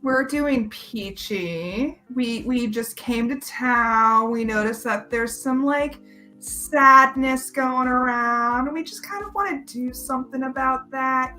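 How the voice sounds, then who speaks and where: Woman player, very slow and bright, easygoing and a bit high. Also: faint music behind. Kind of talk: casual tabletop role-play.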